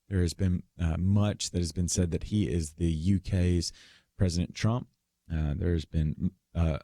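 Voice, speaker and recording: A man's voice: sits low, mellow, no echo, clean studio sound. A young man guest-hosting a radio talk show, giving loose conversational commentary with frequent fillers and restarts.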